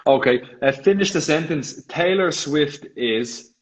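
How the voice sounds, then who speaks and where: A man hosting a casual live video call interview, laughing often and firing off quick playful questions. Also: on the high side, animated. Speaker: host. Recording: slightly dull video call audio.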